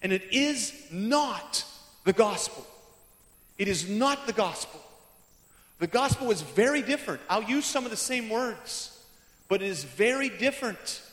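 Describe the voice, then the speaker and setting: High-voiced pastor preaching in echoey hall. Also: male voice, big pitch swings, measured pace. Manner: emphatic, repeats lines for stress, swings from loud to hushed. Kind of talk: sermon. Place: large church hall. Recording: echoey hall with long reverb.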